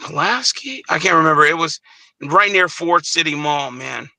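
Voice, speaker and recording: A man's voice: fairly high pitch, animated, normal speed, bright, forceful tone, dry recording, poor audio. A man from Chicago hosting a casual live panel chat, reminiscing and repeating "man" often. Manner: nostalgic, repeats "man" and "great times". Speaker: panel host.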